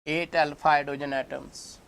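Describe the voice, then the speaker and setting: A man's voice: fairly high pitch, normal speed, creaky, clean tone. A man with an Indian English accent teaching chemistry in an exam-prep lecture, speaking to students as kids and acting out the molecules. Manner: animated, addresses students as kids, acts out molecules.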